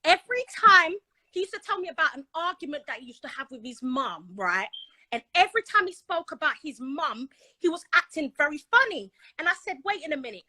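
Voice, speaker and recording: High, bright-voiced woman telling a story. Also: brisk, dry recording, poor audio. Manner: excitable, dramatic retelling with voices. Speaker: caller telling her story. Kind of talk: animated storytelling on a live stream.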